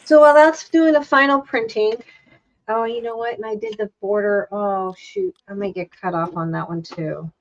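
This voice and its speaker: A woman with a medium-pitched voice at normal speed hosts a casual craft livestream, chatting and rambling as she works and often breaking off mid-sentence. The audio sounds dull.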